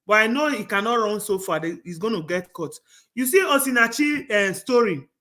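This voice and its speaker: A man's voice: sits high, expressive, normal speed, pushed and bright. A man hosting a casual panel discussion, talking earnestly and rambling through stories with frequent restarts. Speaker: talk show host.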